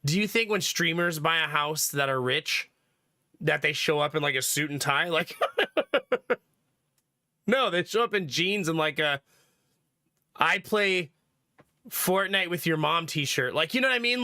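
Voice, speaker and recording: Here a man's slightly high voice comes across pushed and bright in a dry, clean studio recording. He has a cold and tells his stream chat a story in a relaxed, laughing way, laughing often and performing the quotes.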